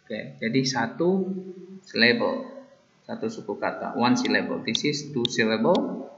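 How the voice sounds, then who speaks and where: A man's voice: medium pitch, expressive, moderate pace. A man giving a chatty grammar lesson, switching between English and with playful asides. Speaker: English teacher. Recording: dull echoey room with faint noise.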